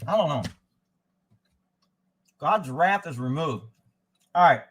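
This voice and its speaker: A man hosts a casual live stream in a high-pitched voice. He rants with sarcasm and his pitch swings widely, dropping to a mutter when he reads, then rising sharply when he argues back. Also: animated, slow, a bit bright, lo-fi sound. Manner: sarcastic, ranting, mutters while reading aloud. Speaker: livestream host. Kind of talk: casual live-stream commentary, reading chat.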